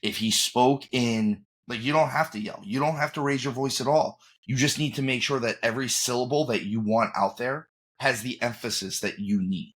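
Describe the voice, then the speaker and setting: A man's voice: medium pitch, normal speed, a bit bright. A man co-hosting a podcast in casual chat, opinionated and emphatic, often restarting his sentences. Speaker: podcast co-host.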